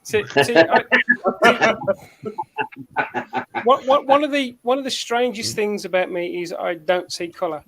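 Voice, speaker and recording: Man, Black Country accent, high pitch, rambling anecdotes, casual group chat. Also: steady tone, measured pace, long pauses, a bit bright. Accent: Black Country English. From England, Black Country. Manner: rambling storyteller, many fillers and restarts. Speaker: host of a live online hangout.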